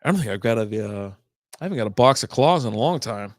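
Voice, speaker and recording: A man's voice: medium pitch, expressive, quick pace, dry recording, clean studio sound. A middle-aged man hosting a beer podcast livestream, chatting in a rambling, casual way and swearing freely.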